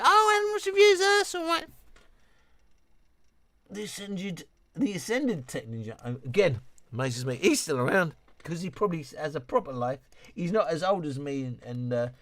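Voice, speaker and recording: A man's voice: a little high, no room sound. Guy chatting on a midnight stream, loose and rambly, dry close sound. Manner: rambling, relaxed, a bit tipsy. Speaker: livestream host. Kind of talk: late-night casual livestream chat.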